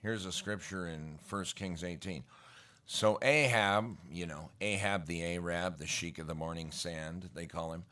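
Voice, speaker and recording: A man's voice: deep voice, measured pace, pushed and bright. A middle-aged man preaching a casual sermon, telling scripture stories in folksy slang and building to emphatic bursts.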